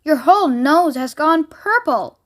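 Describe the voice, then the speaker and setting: A boastful, pushy father from a storybook, barking orders and bragging, put on by a woman reading aloud. The voice stays high. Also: animated, measured pace, fairly bright tone. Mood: alarmed. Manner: boastful, commanding.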